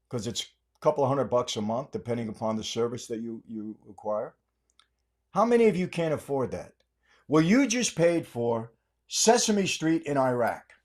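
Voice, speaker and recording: An older man hosting a podcast, delivering an emphatic political monologue full of repeated rhetorical questions. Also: fairly high pitch. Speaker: podcast host.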